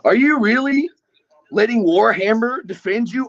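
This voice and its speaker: A man's voice: high voice, animated, unhurried, dull audio. A man taunting and goading a rival in a heated online voice chat, in a mocking tone. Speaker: streamer calling in to a rival's stream. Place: online voice call.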